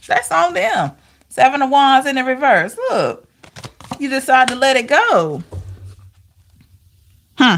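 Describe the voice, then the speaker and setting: A woman giving a casual tarot reading to camera, talking in an expressive, chatty way with rhetorical questions. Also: high voice, takes it slowly, long pauses. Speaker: tarot reader.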